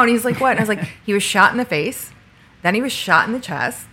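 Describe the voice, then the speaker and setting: A woman co-hosting an interview, telling stories casually and acting out the dialogue, sitting in bright sun. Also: medium pitch, fast, a little hiss or hum. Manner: animated storyteller, acts out quoted dialogue. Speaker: podcast co-host.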